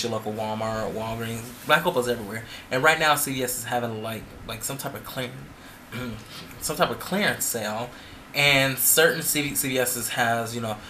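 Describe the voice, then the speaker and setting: A man's voice: mid-range voice, bright, forceful tone, slight background noise. A man who performs in drag, talking through a makeup tutorial in a chatty, playful way with sassy asides.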